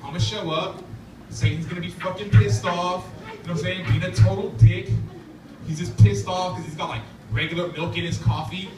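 A man's voice: sits high, steady tone, a little fast, loud music behind the voice. A man doing a stand-up comedy set at an open mic, talking loosely and profanely with many fillers. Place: laundromat café venue. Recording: roomy, distant, noisy live recording. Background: audience laughter and room chatter.

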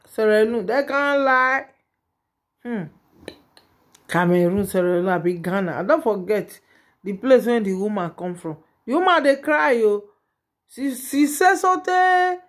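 A woman with a Nigerian Pidgin accent giving chatty, exclamatory gossip commentary straight to her viewers as a vlogger. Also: fairly high pitch.

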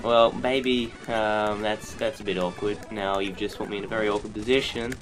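A young man, giving excitable, joking commentary while playing a video game. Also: lowish voice, moderate pace, faint music behind. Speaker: let's play host. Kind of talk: gameplay commentary.

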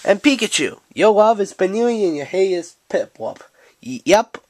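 A woman's voice: mid-range voice, very animated, normal speed, darkish tone, dry recording. A woman voicing a brash, impatient cat who hosts a talk show, bossing the guests around in a playful home-made show. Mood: brisk. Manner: bossy, impatient, sarcastic. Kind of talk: playful toy-show role-play. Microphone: handheld camcorder mic.

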